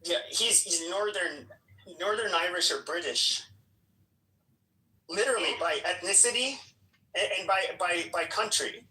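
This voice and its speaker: A man's voice: high-pitched, a little slow, pauses often, bright, forceful tone. A man hosting a heated live debate, sarcastic, with frequent stammering restarts. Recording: echoey room, distant mic.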